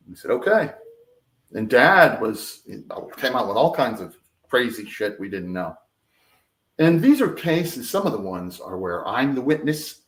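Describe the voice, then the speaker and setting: Animated American man, echoey room. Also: mid-range voice. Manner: animated, acts out quoted voices loudly. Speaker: interview guest. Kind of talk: storytelling in a casual interview.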